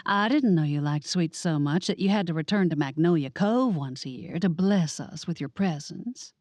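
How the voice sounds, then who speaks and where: A woman voicing a sarcastic young woman in an audiobook, with a dry, deadpan delivery. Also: low voice, normal speed, dry recording.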